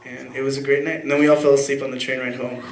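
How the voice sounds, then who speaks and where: Speaking quickly in a flat, mid-range voice, a young man shares a personal story live at a story slam before an audience. It's casual and rambling, full of fillers and restarts, and the room sounds echoey with faint ambience.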